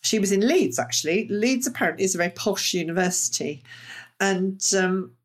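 A woman's voice: medium pitch, lively intonation, brisk. A middle-aged woman in casual podcast chat, talking in a chatty way and giving her opinions freely.

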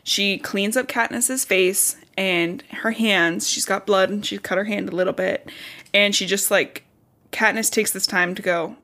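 A woman's voice: mid-range voice, steady tone, a little slow, bright, forceful tone. A young woman co-hosting a podcast, recapping chapters in a casual, chatty way, peppered with "like" and the odd swear word. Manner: chatty, frequent "like", swears casually, acts out characters' lines. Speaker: podcast co-host. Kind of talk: casual book recap chat.

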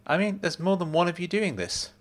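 A man's voice: sits high, lively intonation, brisk, voice pushed up. A man doing a chirpy breezy woman. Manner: bright, chirpy, casual. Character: breezy upbeat woman researcher, chatty and unbothered. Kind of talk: storytelling.

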